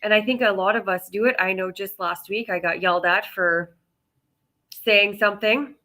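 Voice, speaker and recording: A woman's voice: mid-range voice, steady tone, normal speed, bright, forceful tone. A woman hosting a solo coaching podcast, talking casually and candidly, joking about herself. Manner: chatty, candid, self-deprecating.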